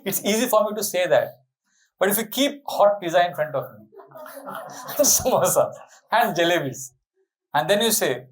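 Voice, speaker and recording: A man giving a storytelling sermon, lively, asking the audience rhetorical questions. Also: a little high, moderate pace, long pauses, poor audio. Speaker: spiritual speaker.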